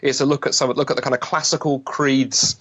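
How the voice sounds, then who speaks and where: A man from London with a British accent, talking as a guest on an interview show, quick and jokey with many restarts. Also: medium pitch. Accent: British English. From London, England. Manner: fast, lively, joking, many restarts. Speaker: guest speaker. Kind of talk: podcast interview.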